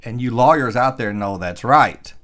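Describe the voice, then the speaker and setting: A man's voice: mid-range voice, animated, normal speed, a bit bright. A middle-aged man vlogging about electric cars in casual commentary, reading an article aloud with rambling, opinionated and sarcastic asides.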